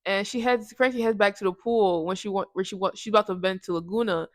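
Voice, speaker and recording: A woman's voice: mid-range voice, fairly even intonation, quick pace, no echo. A woman casually recapping a movie for her review channel, rambling in slang and often correcting herself. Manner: rambling, slangy, self-correcting with restarts and laughs.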